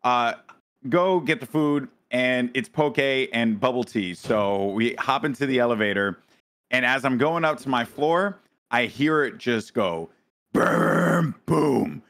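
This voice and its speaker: Male podcast co-host, mid-range voice, casual and animated storyteller who swears freely. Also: mid-range voice. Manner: animated, dramatic retelling with frequent restarts and swearing.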